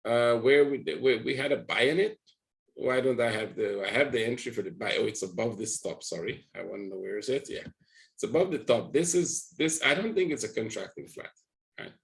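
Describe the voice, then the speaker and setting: Brisk and gravelly at a medium pitch, this man leads a live trading lesson, meandering through price charts. He keeps asking his audience "right?" as he goes, and the audio is low quality.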